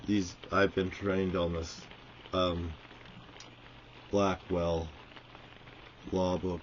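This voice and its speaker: A man's voice: low voice, flat delivery, slow pace, pauses often, a little hiss or hum. A man giving an angry, profanity-filled monologue to the camera, ranting and swearing constantly. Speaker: vlogger. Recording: dull lo-fi audio.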